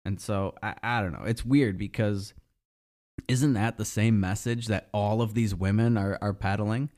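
Low-voiced sarcastic male commentator. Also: fairly even intonation, normal speed, a little mellow. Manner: sarcastic, profane, rambling with restarts. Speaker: political commentator. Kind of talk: casual opinion monologue.

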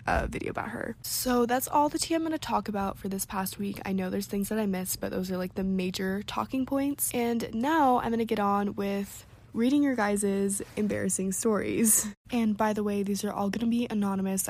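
A young woman talks casually to her viewers in a mid-pitched voice. She leans on "like" and breaks into small giggles while reading out and reacting to viewers' stories. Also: darkish tone. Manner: chatty, filler-heavy with frequent "like", giggly. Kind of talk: casual chat.

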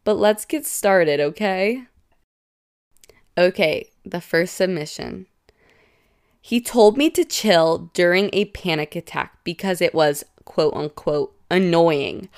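A woman's voice: on the low side, takes it slowly, a little mellow. A young woman hosting a casual podcast, talking in a gossipy, reactive way with lots of "like" filler. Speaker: podcast host.

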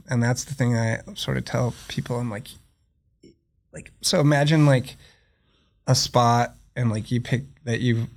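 A man's voice: mid-range voice, gravelly. A man who surfs and makes films, talking as a podcast guest in a loose, rambling way, full of fillers and restarts. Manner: rambling, searching for words, many fillers. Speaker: podcast guest, surfer and filmmaker. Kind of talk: casual podcast conversation.

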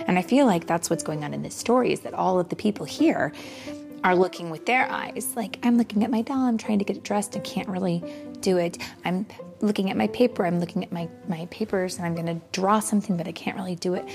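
A woman's voice: on the low side, quick pace, gravelly, music in the background. A woman reading a picture book aloud to children, stopping often to chat and explain. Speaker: storyteller.

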